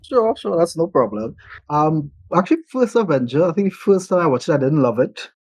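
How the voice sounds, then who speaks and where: A man's voice: on the high side, very animated, fairly quick, darkish tone, slightly rough, no echo, poor audio. A man who reviews films, speaking as a podcast guest and enthusiastically recalling his reactions to movies. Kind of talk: casual film review chat.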